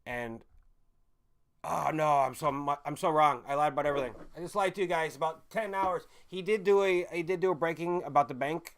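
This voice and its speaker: A man's voice: a little high, a little fast, a bit bright. A man hosting a casual livestream, rambling to his chat viewers, swearing freely and often correcting himself mid-sentence. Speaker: livestream host chatting with viewers.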